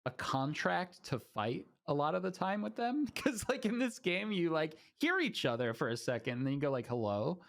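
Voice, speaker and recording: A man's voice: fairly high pitch, big pitch swings, moderate pace, creaky, hardly any pauses. A man on a gaming podcast, chatting casually and laughing often. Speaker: podcast co-host.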